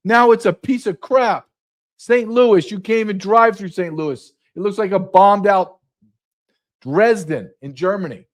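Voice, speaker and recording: A man's voice: high-pitched, unhurried. Man, fifties, show host, political rant, sarcastic, blunt. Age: 50s. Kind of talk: political commentary.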